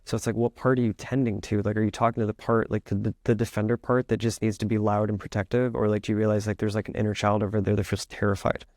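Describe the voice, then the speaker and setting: A man in a loose, wandering interview chat. His voice sits on the low side, and the sound is close and dry with no room echo. He leans on "like" constantly and slips into acting out inner thoughts as he talks. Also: little pitch movement, fast talker, hardly any pauses, a little mellow. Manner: rambling, heavy use of "like", acts out inner thoughts. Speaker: podcast guest, author and musician. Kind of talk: casual interview talk.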